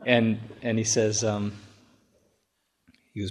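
A man with a low voice, a Buddhist monk, tells a story to his listeners. He chuckles throughout and often stops and restarts his sentences. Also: flat delivery. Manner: chuckling, halting with many restarts. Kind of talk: storytelling talk.

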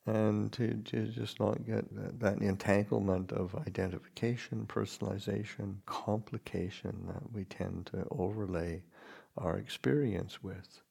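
Husky, gravelly-voiced monk giving a dharma talk. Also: male voice, on the low side, fairly even intonation. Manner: halting, gentle, with many restarts. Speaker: Buddhist monk teacher.

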